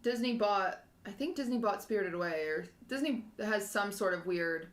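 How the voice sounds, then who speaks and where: Young woman podcast co-host, mid-pitched voice, casual chat with rambling, emotional storytelling. She laughs easily and gets carried away by her own story. The sound bounces around a roomy, echoey space. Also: animated, moderate pace. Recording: echoey room.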